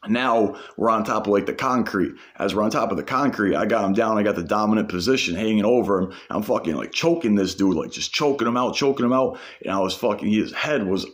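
A man's voice: on the low side, fairly quick, few pauses. A man telling a personal story in a casual, rambling way, heavy on swearing and "like". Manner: profane, rambling, full of "like".

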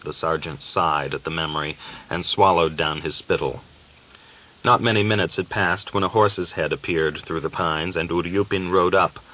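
A man narrating an audiobook in a measured, dramatic manner. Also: deep voice, muffled recording.

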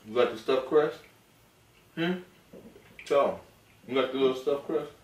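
A man chatting casually with his baby while eating on camera, relaxed and playful, often speaking softly. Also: mid-range voice, unhurried. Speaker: vlogger and father. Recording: echoey room, mic at a distance, faint noise.

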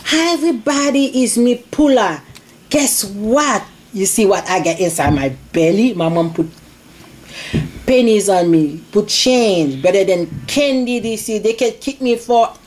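A woman voicing a fed-up female Easter egg who speaks slow, broken English. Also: mid-range voice, lively intonation, darkish tone, close to an everyday voice. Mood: fretful. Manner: slow, broken non-native English grammar.

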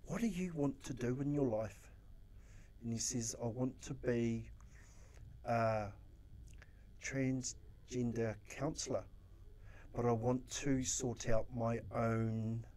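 A man's voice: mid-range voice, slow pace, pauses often, darkish tone. A New man, a social worker, telling stories in a casual interview, acting out his own quotes and swearing freely. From New Zealand.

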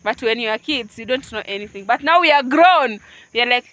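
A woman's voice: a little high, animated, brisk, fairly bright tone. A woman with a Kenyan accent, chatting playfully to her viewers outdoors at a home building site. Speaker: vlogger. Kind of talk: casual vlog chat.

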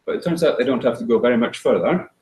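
A man giving a talk and telling a folk tale, with dry, wry humor and frequent halting restarts. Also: medium pitch, animated, darkish tone, a little hiss or hum. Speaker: speaker. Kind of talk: storytelling talk. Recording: roomy echo.

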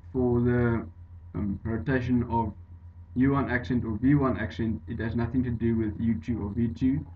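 A man explaining an engineering derivation over slides in a halting way, with many fillers and restarts. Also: medium pitch. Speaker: engineering tutor. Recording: dull lo-fi voice-over with faint hiss.

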